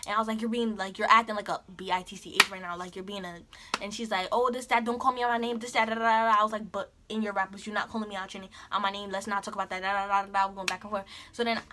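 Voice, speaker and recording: A young woman vlogger telling a school story in casual, animated chat with a friend. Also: medium pitch, rapid-fire, slight background noise. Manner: animated, talks over her friend.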